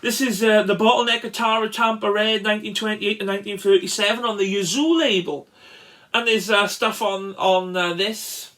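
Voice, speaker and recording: A man casually showing records from his collection, chatty and enthusiastic, with frequent pauses and restarts. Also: high-pitched, steady tone, sharp tone. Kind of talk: casual record show-and-tell.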